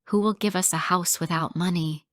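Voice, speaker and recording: A woman's voice: fairly low pitch, steady tone, normal speed, no room sound, studio quality, close to an everyday voice. A woman voicing a poor, frightened mother who pleads and cries out to protect her daughter. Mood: soft, sad. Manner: pleading, rising to screams under threat.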